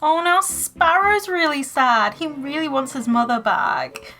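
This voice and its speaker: A woman's voice: high-pitched, measured pace, sharp tone, soft background music. A young woman giving chatty, emotional commentary over gameplay, gasping and exclaiming as she plays. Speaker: Sims let's play creator.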